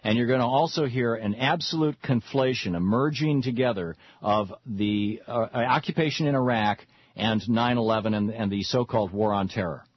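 A man's voice: mid-range voice, normal speed, slightly rough, dry recording. A man hosting a call-in radio talk show, talking in long rambling runs with frequent restarts. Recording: dull lo-fi radio broadcast.

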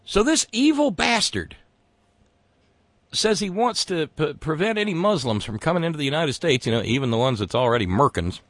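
A man's voice: on the high side, big pitch swings, moderate pace, no echo. A man hosting a satirical political rant. He is sarcastic and exasperated and stammers as he talks. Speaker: host.

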